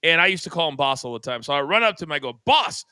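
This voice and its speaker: A man's voice: on the high side, expressive, rapid-fire, bright, forceful tone, clear, resonant tone, no room sound. An older man, a co-host of a talk show, telling a long story with dramatic flair and acted-out sound effects. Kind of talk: animated storytelling.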